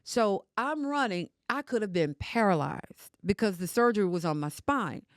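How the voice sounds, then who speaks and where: A woman's voice: medium pitch, expressive, normal speed, no room sound. Older woman, podcast guest, emphatic storyteller, dry studio sound. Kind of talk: emotional casual conversation.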